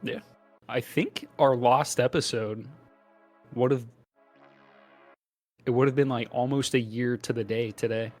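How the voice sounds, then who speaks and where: A man's voice: medium pitch, steady tone, slow pace, long pauses, a little mellow, soft background music. Joking, rambling man hosting a podcast. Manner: joking, rambling, laughs often. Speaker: podcast co-host. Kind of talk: casual podcast chat.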